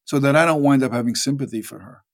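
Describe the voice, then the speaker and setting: An actor appearing as a guest in a casual interview speaks fast at medium pitch. He tells rambling, animated stories and acts out the voices of the people he quotes.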